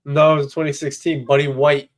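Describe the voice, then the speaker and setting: A man co-hosting a casual podcast, cutting in with quick, slangy jokes. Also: fairly high pitch, flat delivery. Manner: quick, joking interjections, slangy. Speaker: podcast co-host, auto detailer.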